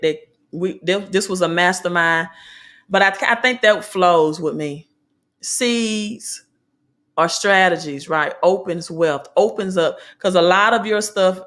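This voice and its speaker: A woman's voice: on the low side, a bit bright. A woman with a Southern American accent, hosting a motivational business talk and preaching in repeated slogans and alliterations. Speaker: host.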